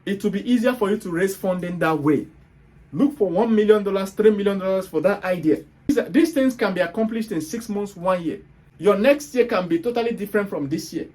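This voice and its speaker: A man's voice: high voice, brisk, a little mellow. A Nigerian man with a Nigerian accent, hosting a motivational monologue and hammering his points home with rhetorical questions. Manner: emphatic, hectoring, rhetorical questions. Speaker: host.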